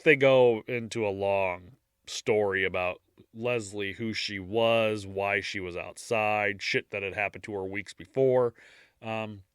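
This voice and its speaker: A man co-hosting a podcast, narrating a case in a casual true-crime style and breaking off for dark jokes. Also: on the low side, clear, resonant tone, no echo, clean studio sound.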